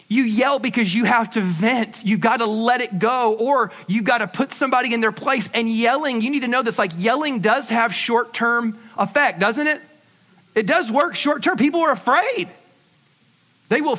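Animated high-voiced preaching man. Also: lo-fi sound. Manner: animated, conversational preaching with acted asides. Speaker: pastor. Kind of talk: sermon.

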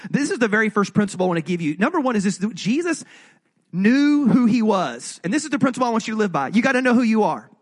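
A male pastor giving a sermon in a conversational, jokey way, often asking the audience questions. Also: high-pitched.

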